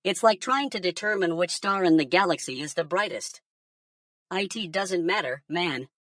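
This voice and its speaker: A woman's voice: fairly low pitch, animated, normal speed, fairly bright tone, no room sound, studio quality, distant mic. Zebo, a woman voicing a stoned alien. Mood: conspiratorial. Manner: rambling, slangy, swears casually. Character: stoned alien conspiracy theorist, laid-back, rambling. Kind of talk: AI-generated comedic monologue.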